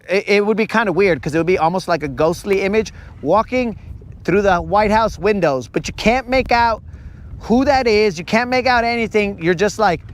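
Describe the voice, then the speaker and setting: A man with a fairly high voice spins a playful, rambling joke out loud, jumping in and out of quick impressions of the people in his story. He sounds laid-back and unscripted, like a podcast host recording out on a fishing boat. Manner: playful, acts out imagined dialogue in put-on voices. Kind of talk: casual joking monologue.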